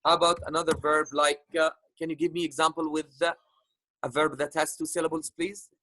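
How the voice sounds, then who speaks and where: A man's voice: a little high, flat delivery, a little fast, sharp tone, dry recording, poor audio. A man teaching an online grammar lesson, patient, repeating points with many fillers. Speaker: English teacher.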